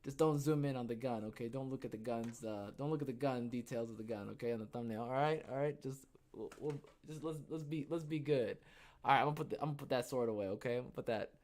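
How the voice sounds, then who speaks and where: A young man hosting a casual livestream podcast, rambling and joking, who bursts into loud, excited outbursts. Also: mid-range voice, fast. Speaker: podcast host.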